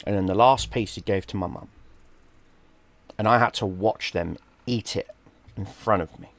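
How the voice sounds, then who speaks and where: Lowish man telling a story. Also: moderate pace. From London, England. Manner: animated, swears freely, acts out quoted people. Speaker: streamer. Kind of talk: casual storytelling.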